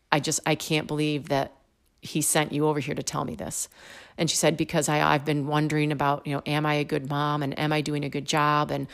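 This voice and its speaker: A woman telling a personal faith story with animated storytelling, acting out both sides of the dialogue. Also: low-pitched.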